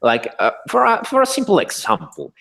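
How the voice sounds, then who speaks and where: A man from Mexico with a British-tinged, non-native English accent, a livestream guest who talks haltingly with many restarts. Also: sits high, wildly swooping pitch, creaky, bright, forceful tone. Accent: British-tinged, not native. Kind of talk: casual livestream chat.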